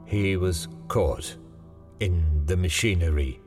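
A man voicing a nervous, awkward company messenger in a spoken ghost story, stammering and formal, pitched above his own voice. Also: measured pace, close to an everyday voice. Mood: grave. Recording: long hall reverb, faint music.

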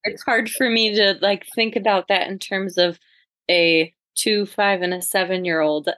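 A woman's voice: medium pitch, steady tone, unhurried, a bit bright, no echo. A woman who is a mother and podcast guest, asking questions and thinking aloud in casual conversation.

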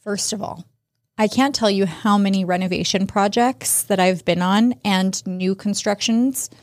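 A woman's voice: mid-range voice, steady tone, unhurried, no room sound. A woman co-hosting a podcast in casual chat, bluntly reading out listener comments with sarcastic asides. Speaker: podcast co-host.

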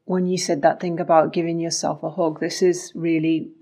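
Low-voiced woman explaining thoughtfully. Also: flat delivery, moderate pace, mellow. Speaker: podcast co-host. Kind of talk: conversational talk.

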